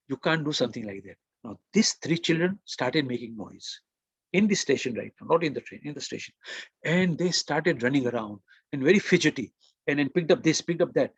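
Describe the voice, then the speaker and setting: A man from India giving a motivational webinar, telling stories and acting out the quotes with lively emphasis. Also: fairly high pitch, brisk, breathy edge, no echo. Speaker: webinar presenter.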